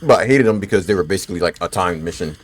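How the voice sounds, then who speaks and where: A man in his twenties with a lowish voice gives laid-back, swear-heavy commentary while he plays a game. He chats loosely with his viewers between fights and is bothered by the hiccups. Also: animated, racing. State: has the hiccups. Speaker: gaming streamer. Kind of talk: casual gameplay commentary.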